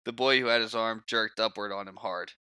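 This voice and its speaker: A man's voice: fairly low pitch, brisk, smooth. A young man co-hosting a book podcast, bluntly chatting and reading passages aloud. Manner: blunt, swearing, animated. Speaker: podcast co-host and reader. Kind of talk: casual chat and reading aloud.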